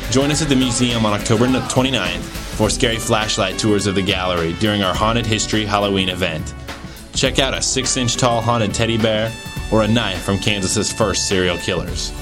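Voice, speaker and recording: Low-pitched man as the podcast host, casual with a dry wit, soft music bed behind. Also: brisk. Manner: easygoing questions with a dry joking streak. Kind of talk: conversational interview and scripted podcast outro.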